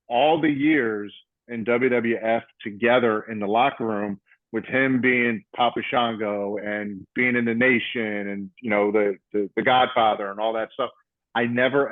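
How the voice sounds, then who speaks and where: A man's voice: mid-range voice, dry recording. A man in his fifties hosting a casual podcast, telling stories and acting out what others said. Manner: animated storyteller, acts out quotes. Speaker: podcast host, former wrestler. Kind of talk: casual storytelling chat. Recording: tinny phone-like call audio.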